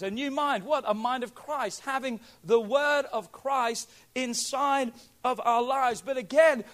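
A man preaching a sermon as pastor, emphatic and pleading, swinging from quiet asides to near shouts. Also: very high voice.

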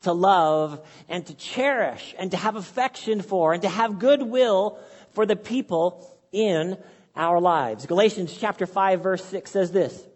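A man with a high voice preaches to his congregation in an earnest, conversational way, leaning on repetition to drive points home. The sound carries a long hall reverb from the church sanctuary. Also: unhurried. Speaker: pastor. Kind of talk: sermon.

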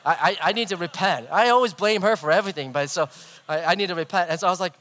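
A middle-aged man preaching a sermon, telling a personal story in an animated way and acting out the voices. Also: high-pitched, quick pace. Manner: animated, acts out voices, big swings in loudness. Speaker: pastor.

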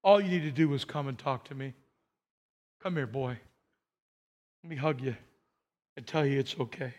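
A man voicing a kind, forgiving old grandmother in a sermon story, speaking softly and gently. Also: a little high, fast, lo-fi sound, voice pushed down, natural voice. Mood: gentle.

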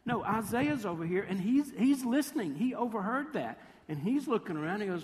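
High-voiced man preaching in a reverberant hall. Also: moderate pace. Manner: lively storytelling, acting out quoted voices; playfully sarcastic. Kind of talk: sermon. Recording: long reverb of a large hall.

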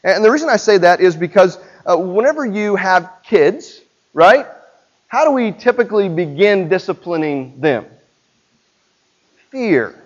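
A man's voice: high voice, very animated, a little slow, dull audio. A man preaching a sermon in a church as pastor, talking with the congregation and putting questions to them directly.

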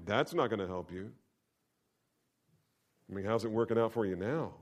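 A middle-aged man preaching a sermon. He repeats key lines for emphasis and swings between loud and hushed. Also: on the low side, lively intonation, normal speed, long pauses. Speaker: pastor.

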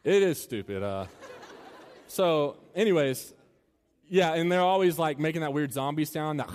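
A man preaches to a student crowd, shifting between loose, joking asides and earnest, building appeals. His voice sits a little high for a man. It rings out with the long reverb of a large hall. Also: animated, a little slow, darkish tone. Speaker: campus minister.

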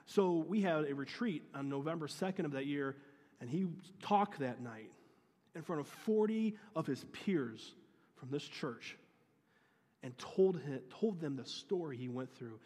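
A man's voice: on the high side, lively intonation, moderate pace. Earnest man telling a story in a hall. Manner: earnest, with many restarts and quoted dialogue. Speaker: youth pastor. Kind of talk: storytelling sermon.

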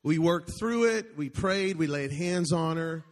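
Middle-aged male pastor, high-pitched, animated and joking with his congregation; reverberant church hall. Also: a little slow. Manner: animated, joking storyteller with call-outs to the congregation. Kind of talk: sermon. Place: large church auditorium.

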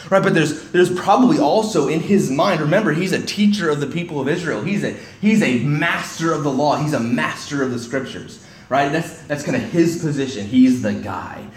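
A man's voice: a little high, moderate pace, hardly any pauses. Conversational man preaching in an echoey hall. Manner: conversational, with many restarts and acted-out quotes. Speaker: pastor. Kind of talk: expository sermon. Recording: echoey room, faint hiss.

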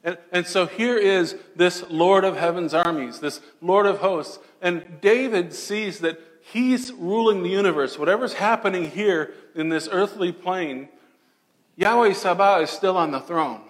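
A man preaching a sermon dramatically, moving between loud declarations and hushed, almost whispered passages. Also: high-pitched, unhurried, in a large hall. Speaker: pastor.

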